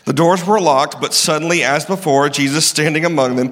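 A male pastor delivers a lively sermon in a fairly high, bright, pushing voice. He keeps it casual and acts out the people in his story as he goes. A long reverb trails his words through a large hall. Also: normal speed. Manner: conversational and animated, acting out the people in the story.

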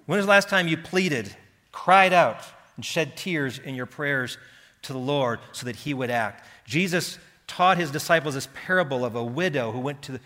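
A man's voice: fairly high pitch, expressive, normal speed. Passionate male preacher in a reverberant hall. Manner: passionate, swings from hushed to loud pleading. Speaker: pastor. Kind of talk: sermon. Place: church hall.

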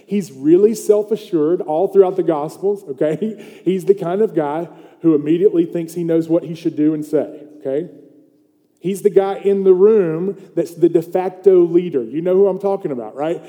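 A man's voice: a little high, normal speed, dark tone. A man preaching a conversational sermon as pastor, telling the story with animation and checking in with the congregation with "okay?" and "right?". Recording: long hall reverb.

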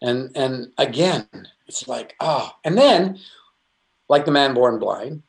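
A man's voice: mid-range voice, expressive, slow, vocal fry. Earnest rambling middle-aged man. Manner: earnest, rambling with frequent restarts and asides. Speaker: Christian speaker. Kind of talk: conversational spiritual teaching.

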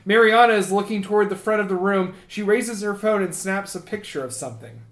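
High-voiced man reading a comedy script, halting, echoey room. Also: fairly bright tone. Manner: halting, with frequent uh fillers. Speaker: comedy podcast co-host. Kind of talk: reading a comedy screenplay aloud.

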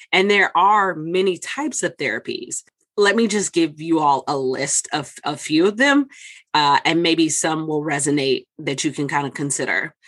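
Podcast host, explaining to listeners, brisk, clear, mid-pitched voice. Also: a bit bright.

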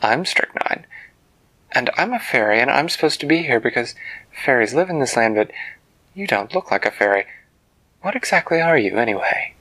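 A man's voice: medium pitch, lively intonation, normal speed, pushed and bright, poor audio. A man doing a prim, muddled fairy woman. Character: odd, prim, scatterbrained female fairy.

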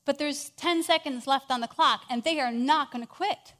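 A woman telling an inspirational story in a sermon, animated and moving between hushed and loud moments. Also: sits high, moderate pace. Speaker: speaker.

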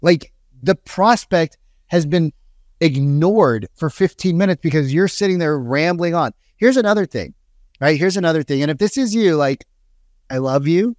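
Direct male sales trainer, punchy coaching delivery, bright-ish pitch, dry recording. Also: lively intonation, moderate pace, no echo. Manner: direct, emphatic, acts out quoted voices. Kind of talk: energetic coaching talk.

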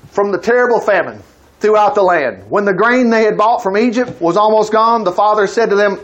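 A male preacher, reading scripture and retelling the story in an animated, conversational way, slipping into the characters' voices. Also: high voice, fairly quick. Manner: animated storytelling, voicing characters in quotes, repeating words. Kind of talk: sermon reading and explaining scripture.

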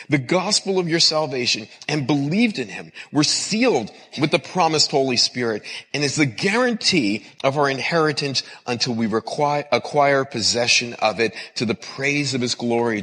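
Earnest preacher in a reverberant hall. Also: male voice, mid-range voice, expressive, moderate pace, a bit bright, slightly rough. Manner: earnest, repetitive preaching cadence. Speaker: pastor and counselor. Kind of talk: sermon.

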